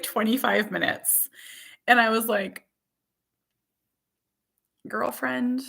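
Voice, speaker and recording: A woman in her thirties, a mother, talking casually on a live chat stream, rambling with many fillers and quick laughs. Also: mid-range voice, pushed and bright.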